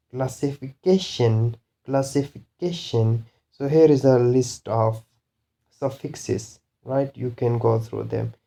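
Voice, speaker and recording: Slow-speaking man teaching word stress. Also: mid-range voice, creaky, mellow. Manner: slow, repeats example words for drilling. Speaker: English teacher. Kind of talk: pronunciation lesson.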